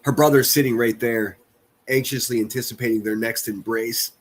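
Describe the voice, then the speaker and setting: A man's voice: mid-range voice, steady tone, normal speed. A man hosting a livestream, giving crude, sarcastic reaction commentary and mocking what he plays. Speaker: commentary streamer host.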